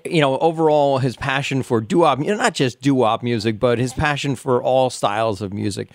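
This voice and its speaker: A man's voice: medium pitch, a little fast, no echo, clean studio sound. A man hosting a radio show, talking casually and hesitantly with many fillers. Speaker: radio host.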